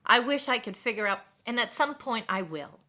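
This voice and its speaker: A woman talks casually to her live stream viewers in a loose, rambling way and thanks them again and again. Her voice is very bright and clear in tone. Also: fairly high pitch, animated, normal speed.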